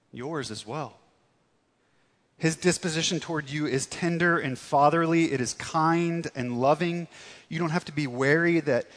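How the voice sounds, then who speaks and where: A man preaching a sermon earnestly, stressing words and dropping to soft tones for emphasis. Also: medium pitch, big-room sound. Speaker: pastor.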